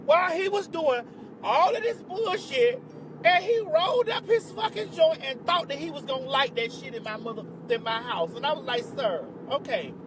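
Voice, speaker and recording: A high-pitched woman with a drawl spins a storytime for her vlog. She talks sassy and profane, piling on dramatic outbursts of disbelief. A faint hum of background noise sits under her voice. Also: lively intonation, normal speed. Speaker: vlogger.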